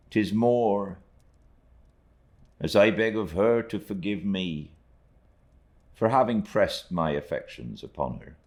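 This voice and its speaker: A man's voice: deep voice, darkish tone, exaggerated voice. A man voicing Ham, a heartbroken young fisherman. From Britain. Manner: rustic dialect speech, halting and plain. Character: young male fisherman, humble, heartbroken, earnest.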